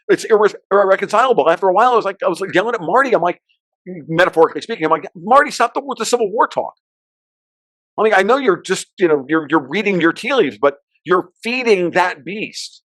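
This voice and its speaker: Male podcast guest, high voice, dry close sound, heated profane rant on markets and politics. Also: expressive, no echo. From United States. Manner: fast, ranting, profane, with sudden loud outbursts.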